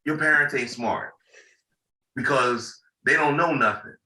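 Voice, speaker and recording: A man hosting a casual group discussion, hoarse from being under the weather, talking in a laid-back, folksy way and often repeating himself. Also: medium pitch, unhurried, sharp tone, roomy sound, recorded from a distance, low-quality recording. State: hoarse from illness. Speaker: host.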